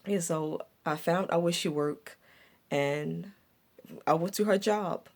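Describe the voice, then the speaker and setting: In a lowish, somewhat mellow voice, a woman vlogger slowly recounts a story from her younger years. Looking back as an adult, she reflects and repeats herself, stumbling and restarting along the way.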